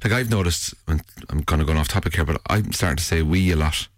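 A man's voice: a bass voice, fast, dry recording. A man co-hosting a radio breakfast show, teasing and dry in his banter. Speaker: radio co-host. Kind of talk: casual on-air banter. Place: radio studio.

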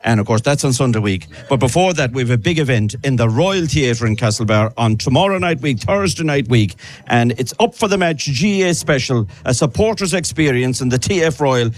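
A man's voice: medium pitch, animated, fairly quick. An Irish man presenting a live local radio broadcast from an outdoor event, chatty and upbeat, often repeating names. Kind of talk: live outside broadcast chat.

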